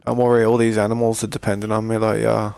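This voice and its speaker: Gaming live, a British streamer talks casually to his viewers, calling them "mate" and "boys" and frequently starting sentences over. His fairly low, darkish voice is creaky and completely flat, delivered at a quick pace with no room sound at all.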